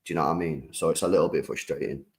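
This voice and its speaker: A young British man hosting a live stream, reacting to football news and chatting with viewers in an animated, slangy way. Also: rumbling low, racing, rough recording. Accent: British English. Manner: slangy, animated, talks to the chat. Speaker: streamer host.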